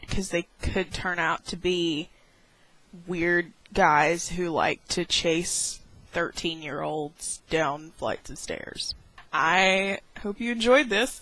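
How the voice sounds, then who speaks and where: A young woman vlogger telling a dramatic story with many "like"s and squeaky acted-out exclamations. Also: a bit bright, no room sound, rough recording. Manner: heavy use of "like". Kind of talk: animated storytelling vlog.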